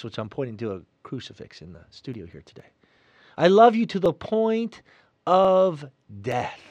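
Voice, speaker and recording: A middle-aged man giving an earnest, sermon-like reflection in a studio, swinging between loud emphasis and soft asides. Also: fairly high pitch, no echo, lo-fi sound. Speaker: Catholic radio host.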